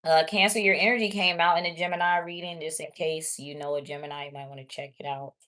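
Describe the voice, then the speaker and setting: Low-voiced woman doing a casual tarot reading. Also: steady tone, quick pace, fairly bright tone. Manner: chatty, blunt, talks straight to viewers. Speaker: tarot reader.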